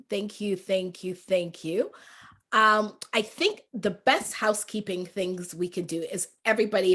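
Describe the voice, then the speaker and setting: A woman with a mixed English, Canadian and Jamaican accent, giving an animated motivational talk on a video call. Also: on the low side. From born in England, raised in Canada. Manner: warm, laughing, animated, quotes people in lively voices. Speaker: guest speaker, life coach.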